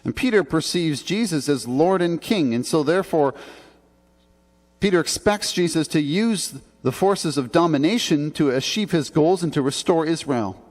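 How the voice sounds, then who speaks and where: A pastor from Canada preaches a sermon in a reverberant church sanctuary, his voice a little high, animated and darkish, at a moderate pace. He delivers it earnestly and conversationally, with emphatic rises.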